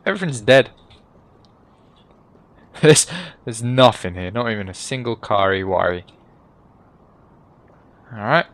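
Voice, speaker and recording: A man's voice: on the low side, lively intonation, unhurried, long pauses, fairly bright tone. A young man giving casual, joking gameplay commentary as he plays, swearing and laughing at himself. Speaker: gaming YouTuber.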